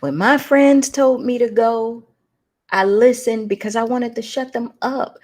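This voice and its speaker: A woman's voice: a little high, a little slow, a little mellow. A woman hosting a talk, telling a personal story with emotion and preacher-like emphasis. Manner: emotional, preacherly storytelling addressing listeners as y'all. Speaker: host.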